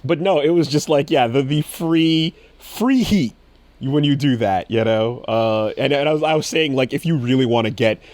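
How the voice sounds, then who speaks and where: Man telling an excited wrestling story. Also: medium pitch, brisk, few pauses, no echo. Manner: excited storytelling, animated quotes, frequent swearing. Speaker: podcast co-host. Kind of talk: casual chat.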